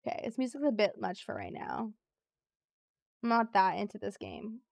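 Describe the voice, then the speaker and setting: A woman's voice: medium pitch, huge pitch swings, normal speed, gravelly, no echo, clean studio sound. A woman streaming a trivia game, chatting casually with her viewers, reading clues aloud and laughing easily. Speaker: live streamer. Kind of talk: casual live-stream chat while playing a trivia game.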